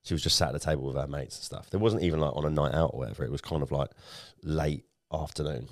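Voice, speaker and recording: Very deep-voiced man. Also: quick pace, dry recording, studio quality. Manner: animated storytelling, swears often. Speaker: podcast co-host. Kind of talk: casual chat.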